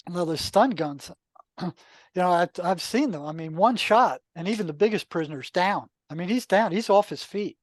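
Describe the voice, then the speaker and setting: An older man, a retired therapist, telling anecdotes in a relaxed, conversational podcast interview, full of asides. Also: sits high, normal speed, no echo. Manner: relaxed, anecdotal, many asides and "you know". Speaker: podcast guest, retired psychotherapist. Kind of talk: casual storytelling.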